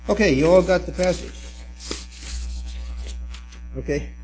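A man's voice: high voice, a little slow, a little mellow, faint music behind, rough recording. A man leading a group Bible study, explaining the background and directing the class through a reading. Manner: instructive, directing the group, with restarts and fillers.

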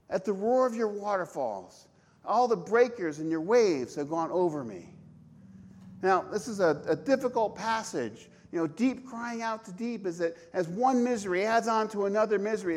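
A man's voice: sits high, darkish tone. A man preaching a sermon, emphatic, asking rhetorical questions and restarting his phrases often. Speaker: pastor.

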